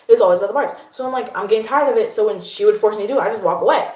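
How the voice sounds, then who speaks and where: A woman's voice: mid-range voice, rapid-fire, a little mellow, reverberant. A young woman, the mother's daughter, telling a rambling story full of fillers. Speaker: guest, the host's daughter. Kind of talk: casual storytelling.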